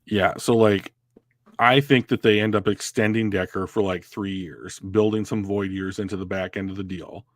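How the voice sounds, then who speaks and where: A man's voice: lowish voice, steady tone, normal speed, no echo, studio quality. A man co-hosting a podcast in casual chat, rambling with many fillers and restarts. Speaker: podcast co-host. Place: home.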